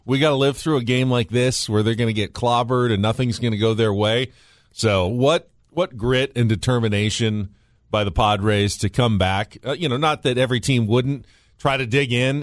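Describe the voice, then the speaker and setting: A man co-hosting a sports radio show, giving measured, reflective commentary in casual chat from a studio. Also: mid-range voice, no echo.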